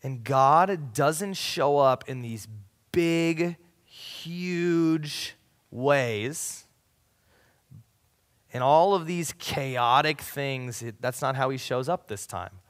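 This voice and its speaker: A man preaching a casual youth sermon, his voice swinging from loud to hushed. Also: medium pitch, extremely slow, big-room sound. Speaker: youth pastor.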